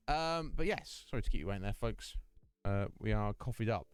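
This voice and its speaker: Rambly chatty guy hosting his stream, smooth clear voice, laughs a lot. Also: lowish voice, animated, a little fast, dry recording, soft background music. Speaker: game streamer host. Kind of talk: casual live-stream chat.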